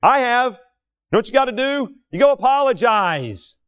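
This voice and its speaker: A man's voice: very high-pitched, sing-song, normal speed, noisy background. A man delivering an emphatic, indignant opinion monologue, full of rhetorical questions, as a talk show host.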